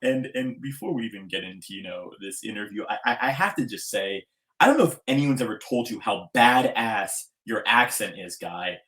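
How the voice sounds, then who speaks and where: A man's voice: fairly low pitch, moderate pace, a bit bright. A man hosting a podcast interview, talking in an effusive, enthusiastic way, with hype-style introductions. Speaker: podcast host.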